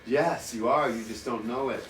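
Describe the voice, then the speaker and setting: A man's voice: mid-range voice, moderate pace, a little hiss or hum. A man chatting casually and teasingly in a hotel room, swearing a lot, recorded from a distance. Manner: animated, profane, teasing. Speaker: vlogger. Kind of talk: casual chat. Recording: echoey room, mic at a distance.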